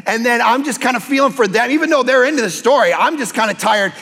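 A man preaching a sermon as pastor, telling lively personal stories and acting out quotes. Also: very high-pitched, quick pace, long reverb tail. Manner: animated storytelling with acted-out quotes.

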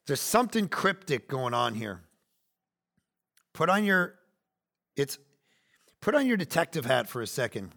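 A man in his forties preaching a sermon, animated, swinging between loud bursts and hushed asides. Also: medium pitch, slow pace, vocal fry, long pauses. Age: 40s. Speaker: pastor.

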